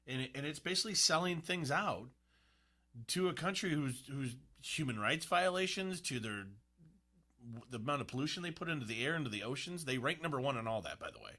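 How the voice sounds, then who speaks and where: A man's voice: medium pitch, very animated, a little fast, pushed and bright. A man hosting a sports talk radio show, ranting bluntly and sarcastically from the studio. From United States.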